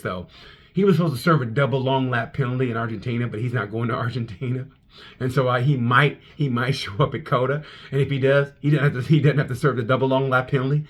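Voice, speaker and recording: A man, a comedian, reviewing a motorcycle race in a casual, animated monologue full of restarts and profanity. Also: medium pitch.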